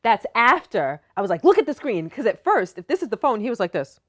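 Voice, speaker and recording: A woman's voice: a little high, brisk. A woman co-hosting a podcast, chatting casually, chiming in and acting out the people she quotes. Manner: lively, chimes in and acts out quotes. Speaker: podcast co-host. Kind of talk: casual chat.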